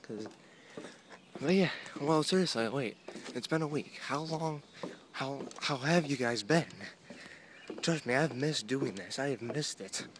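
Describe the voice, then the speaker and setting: A man's voice: mid-range voice, unhurried. Rambling young man vlogging on a walk. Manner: rambling, self-mocking, chatty. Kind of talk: casual walking vlog. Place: outdoor boardwalk. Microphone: phone held at arm's length. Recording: outdoor phone audio with steady noise.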